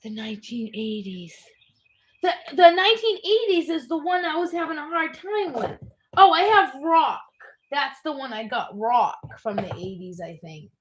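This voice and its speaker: A woman's voice: high voice, animated, moderate pace, a bit bright. A middle-aged woman hosting a livestream, chatting casually in a blunt, rambling way. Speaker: livestream host. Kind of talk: casual chat.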